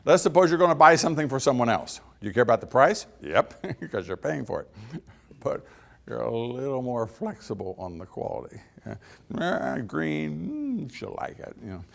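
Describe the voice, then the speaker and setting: A creaky, mid-range male voice moves at a fairly quick clip. The middle-aged speaker spins folksy anecdotes with acted-out conversations, chuckling at his own punchlines.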